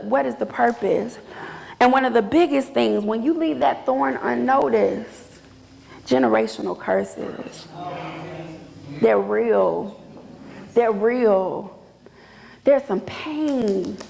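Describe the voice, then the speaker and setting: A woman's voice: a little high, gravelly, darkish tone. A woman minister preaching a sermon with emphatic repetition, heard in an echoey church hall. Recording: echoey hall with long reverb.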